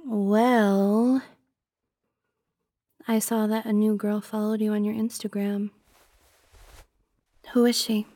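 A woman's voice: mid-range voice, warm tone, dry recording. A young woman voicing a jealous, possessive girlfriend in an audio role-play, pouty and teasing, sometimes dropping to a whisper.

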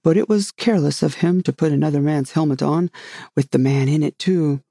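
A reader voicing a solemn, rambling knight who loves his inventions, speaking gravely and earnestly in a storybook reading. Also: mid-range voice, brisk, warm tone, no room sound, clean studio sound.

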